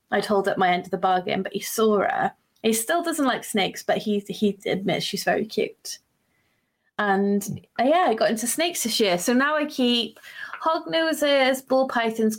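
A woman co-hosting a podcast, telling a story in enthusiastic casual chat with fillers. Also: fairly high pitch. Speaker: podcast co-host.

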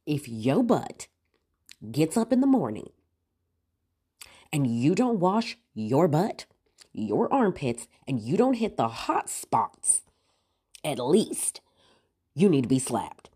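Stuffed-up woman ranting, very deep voice. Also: lively intonation, slow, pauses often, darkish tone, slightly rough. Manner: blunt, sassy, laughing. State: stuffed up from allergies, voice lower than usual. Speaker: podcast host. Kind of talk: casual ranting monologue.

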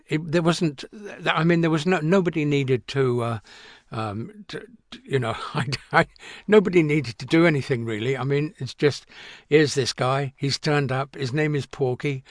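A man in his seventies, an actor being interviewed, telling an anecdote in a halting way with many restarts and fillers. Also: medium pitch, no room sound, clean studio sound. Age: 70s. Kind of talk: reminiscing anecdote.

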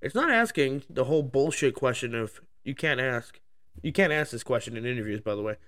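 A man's voice: mid-range voice, lively intonation, a little fast, fairly bright tone. A man hosting his own podcast, ranting heatedly about a topic into the microphone, swearing constantly. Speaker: podcast host. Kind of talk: solo profane rant podcast.

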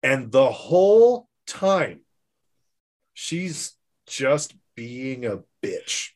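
A podcast co-host in casual discussion, speaking haltingly with frequent restarts. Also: medium pitch, big pitch swings, darkish tone. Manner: slow, halting, restarts often.

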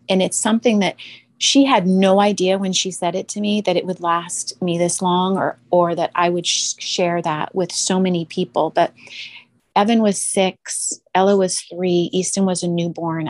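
A woman's voice: lowish voice, no room sound. A middle-aged mother telling a heartfelt personal story in conversation, earnest and emotional. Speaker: guest.

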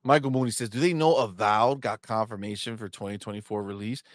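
A young adult man co-hosting a gaming livestream, animated and profane, trash-talking rival fans and reading viewer chat aloud. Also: fairly low pitch, a little fast, no room sound, clean studio sound. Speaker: co-host of a gaming talk stream. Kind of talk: casual livestream banter.

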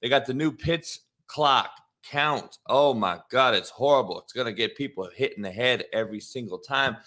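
Bright-voiced hyped man hosting a podcast. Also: medium pitch, normal speed. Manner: hyped, profane, slangy. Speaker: podcast host. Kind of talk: casual solo podcast chat.

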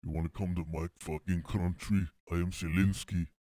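A gruff, defiant wartime president boasts in a deep, level voice, as a man puts him on. He sounds mock-tough and swaggering. The sound is dry and close. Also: little pitch movement, moderate pace, warm tone, dry recording, natural voice. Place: his room.

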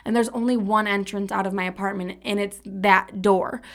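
A woman's voice: medium pitch, steady tone, normal speed, creaky. A young woman in her twenties telling a personal story in a casual, profane and dramatic way, acting out what people said. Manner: candid, profane, dramatic retelling with acted-out quotes. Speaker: podcast host.

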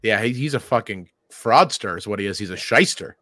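A man co-hosting a comedy podcast, trading crude, profane jokes in casual banter with a deadpan edge. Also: fairly low pitch, a little fast, no echo, clean studio sound. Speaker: podcast co-host.

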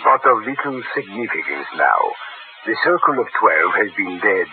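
An actor playing a pompous foreign dignitary with formal, stately phrasing, in a 1950s radio drama. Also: male voice, on the low side, very animated, normal speed, background noise. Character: pompous male foreign dignitary, grave and suspicious. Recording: tinny old radio broadcast with loud music.

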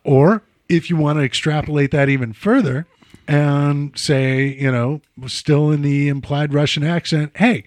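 A man's voice: fairly high pitch, fairly even intonation, unhurried, darkish tone, no room sound. A man hosting a casual chat, rambling and digressive with many "you know" asides. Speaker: podcast host.

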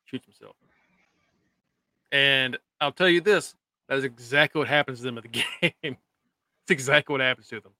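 A man's voice: mid-range voice, normal speed, long pauses, bright, forceful tone, dry recording. A man co-hosting a podcast, chatting casually, laughing a lot and teasing his co-host. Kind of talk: casual recap chat.

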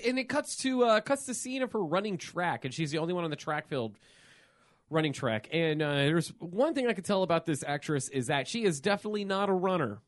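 High-voiced man joking about a movie. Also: expressive, a little fast, dry recording, studio quality. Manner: crude, joking, quotes characters in mock voices. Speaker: podcast co-host. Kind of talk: casual movie-review chat.

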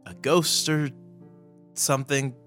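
A man's voice: fairly high pitch, little pitch movement, a bit bright, faint music behind, pitched above the performer's own voice. A man voicing a shocked husband who speaks in hesitant, broken phrases. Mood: stunned. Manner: hesitant, halting. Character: stunned, wary husband, adult man.

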